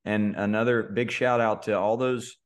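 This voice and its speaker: A man, co-hosting a podcast and telling a story in a relaxed way, with lots of fillers and restarts. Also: lowish voice, normal speed. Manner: laid-back storyteller, many fillers and restarts. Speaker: podcast co-host. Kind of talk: casual podcast chat.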